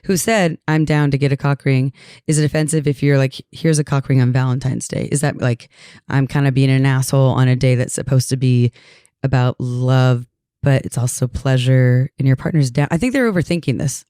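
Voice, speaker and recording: A woman co-hosting a podcast in casual chat, upbeat and quick to agree, her voice a bit strained. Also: extremely low pitch, fairly even intonation, mellow, smooth, no room sound, clean studio sound. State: slightly strained voice. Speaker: podcast co-host.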